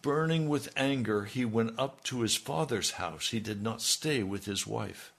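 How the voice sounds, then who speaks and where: Gravelly man telling a sermon story. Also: mid-range voice, animated, a little slow, fairly bright tone. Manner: folksy retelling with conversational asides. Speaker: preacher.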